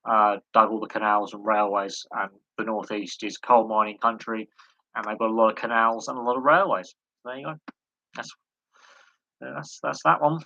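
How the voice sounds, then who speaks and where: A man's voice: fairly low pitch, fairly even intonation, moderate pace, vocal fry, pushed and bright, dry recording, dull audio. A man hosting a casual live Q&A stream, rambling through tangents and poking fun at himself. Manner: self-mocking, chuckles at himself. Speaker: live stream host answering chat.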